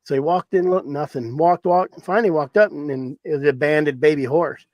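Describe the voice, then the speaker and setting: Rambling man from Arizona, slightly high. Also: brisk, darkish tone, dry recording. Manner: rambling, repeats himself for emphasis. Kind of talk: casual storytelling chat.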